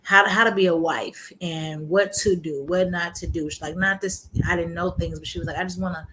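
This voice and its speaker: A woman's voice: fairly low pitch, fairly even intonation, a little fast, noisy background. A woman, telling her faith testimony in casual chat, acting out quotes and laughing often. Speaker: guest sharing her testimony.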